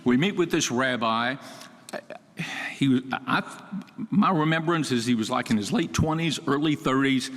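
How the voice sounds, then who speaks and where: An older man in his seventies, from Texas, delivers a eulogy as a wry, conversational story. His pitch sits in an ordinary middle range, and he pops it up when he acts out what people said. The sound has the long reverb of a large sanctuary. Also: moderate pace. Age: 70s. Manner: conversational, wry, acts out quoted dialogue in raised voice. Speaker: widower giving a eulogy.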